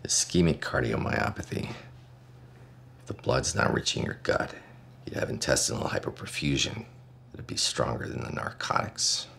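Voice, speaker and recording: A man's voice: rumbling low, animated, moderate pace, gravelly, a bit bright, slight background noise, heavily acted. An actor playing a sardonic middle-aged male doctor who talks in a dry, cutting way. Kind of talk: TV drama acting.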